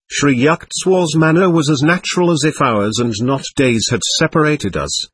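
A man narrating an audiobook in a measured, earnest reading. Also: medium pitch, very animated, a bit bright, slightly rough, dry recording. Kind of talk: scripted narration.

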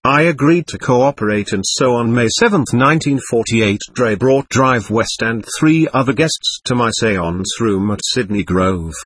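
A man reading a first-person account aloud as narrator, steady and matter-of-fact. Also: medium pitch, unhurried, hardly any pauses, slightly rough, no room sound.

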